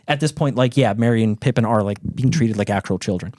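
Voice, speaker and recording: A man casually retelling a book's plot on a podcast, animated and profane, acting out the characters' lines. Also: medium pitch, a little fast, no echo. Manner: animated storyteller, swears freely, acts out characters. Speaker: podcast host retelling a book. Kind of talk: casual chat.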